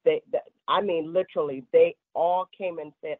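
A woman's voice: deep voice, steady tone, normal speed, no room sound. A woman pastor in an interview, recounting calls for help in a heartfelt way. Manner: heartfelt, quotes callers at length. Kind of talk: emotional interview testimony. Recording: phone-like remote line.

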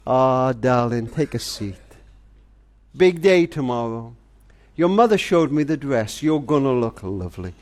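Older guy, gentle grandpa talk, earnest and kinda high-voiced. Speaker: family charity speaker. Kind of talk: heartfelt spoken monologue to a granddaughter.

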